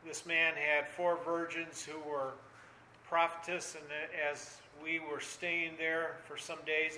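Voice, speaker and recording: An older man delivers an earnest sermon in a high, bright voice. He moves between hushed reflection and loud, urgent emphasis. The sound rings with room echo over a faint background hum. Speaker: preacher.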